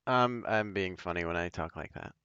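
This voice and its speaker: A man's voice: sits low, moderate pace, sharp tone, smooth. A man with a New York accent, chatting casually on a voice call while coding, joking and laughing easily. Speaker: game developer streaming his work. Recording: dull lo-fi mic.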